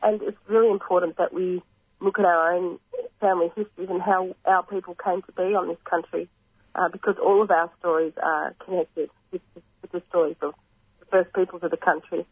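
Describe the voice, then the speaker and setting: Australian man, croaky, high-pitched, flat and measured delivery; phone-line guest for a radio interview. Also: dry recording. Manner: earnest, measured, frequent pauses and throat clearing. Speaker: reconciliation organisation representative. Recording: tinny phone line, dry.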